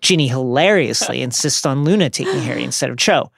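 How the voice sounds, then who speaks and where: Gravelly man podcast host recapping. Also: mid-range voice, expressive, fairly quick, a bit bright, dry recording, studio quality. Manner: wry storytelling recap with playful asides. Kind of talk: recapping a book chapter aloud.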